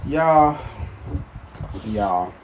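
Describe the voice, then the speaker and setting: A man's voice: medium pitch, animated, extremely slow, noisy background. A man co-hosting a casual gossip talk show, answering with dry, skeptical quips. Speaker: co-host.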